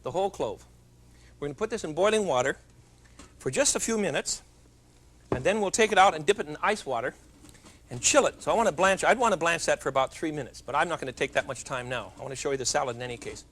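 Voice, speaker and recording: A man's voice: a little high, fast, fairly bright tone, a little hiss or hum. A middle-aged man hosting a television cooking show, chatty and jovial with joking asides as he demonstrates in a studio kitchen.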